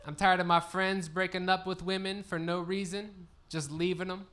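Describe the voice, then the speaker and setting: A man's voice: high voice, level tone, normal speed, fairly bright tone. A man doing a crude, punchy stand-up comedy set on a live stage. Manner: punchy, crude, laid-back delivery. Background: audience laughter.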